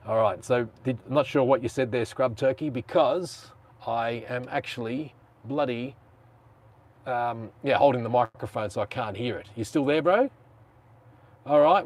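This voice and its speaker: A man's voice: mid-range voice, a little mellow. Chatty Australian man hosting a live stream. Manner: chatty, rambling, slangy. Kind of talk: casual live stream chat.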